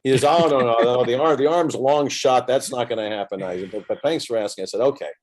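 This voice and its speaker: A man's voice: mid-range voice, fast talker. A man in his sixties telling a long anecdote in a casual interview, acting out both sides of the conversations as he goes. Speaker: guest entertainer.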